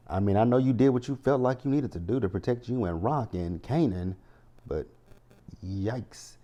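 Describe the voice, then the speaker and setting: Guy recapping a tv show, low mellow voice, rambly and chatty. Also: measured pace. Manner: chatty, rambling, full of "like" and asides. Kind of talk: casual recap commentary.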